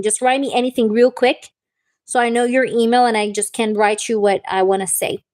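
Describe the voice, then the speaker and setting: Chatty tarot reader woman, higher voice. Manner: chatty, reassuring, repeats "okay?" and "baby". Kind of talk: live-stream tarot reading.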